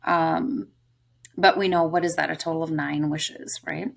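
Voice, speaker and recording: A woman's voice: low voice, steady tone, measured pace, gravelly. A woman teacher leading a close-reading lesson, thinking aloud about a story's clues. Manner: thoughtful, musing aloud.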